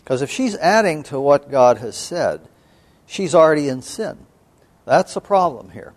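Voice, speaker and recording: A man lecturing as a seminary professor on scripture, measured and thoughtful, with frequent pauses and an occasional throat-clearing. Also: a little high, sing-song. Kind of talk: biblical studies lecture.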